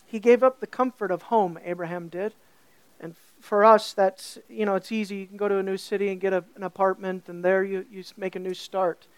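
A woman with a medium-pitched voice preaches an animated sermon, recorded with no room sound. She asks her listeners questions and slowly stretches key words for emphasis.

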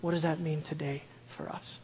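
A man preaching a sermon in an earnest way with a high-pitched voice, building to loud, emphatic declarations. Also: flat delivery, moderate pace, slight background noise. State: shaky. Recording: long hall reverb.

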